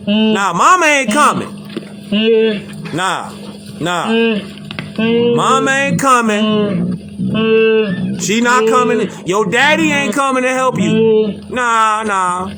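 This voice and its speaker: A man's voice: very high-pitched, bright, forceful tone. A man giving mocking, slangy reaction commentary as an online commentator, taunting and repeating himself.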